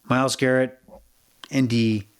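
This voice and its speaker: A middle-aged man hosts his own sports betting podcast in a blunt, opinionated way, swearing freely and wandering off on tangents. His voice sits at an ordinary pitch for a man. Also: level tone, a little slow, smooth. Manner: blunt, profane, rambling and opinionated. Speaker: podcast host.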